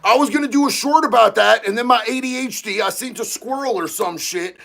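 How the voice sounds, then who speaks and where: High-voiced, gravelly excitable man. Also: a little fast. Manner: excitable, profane, bursts into shouting. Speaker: livestream host reading chat. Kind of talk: casual livestream chat.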